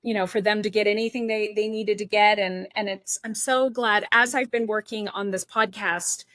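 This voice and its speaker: A woman's voice: medium pitch, steady tone, moderate pace, fairly bright tone, dry recording. A middle-aged woman hosting a podcast, talking in a reflective, rambling way about her own time as a contestant years ago. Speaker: podcast host, former cooking show contestant. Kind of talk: casual interview chat.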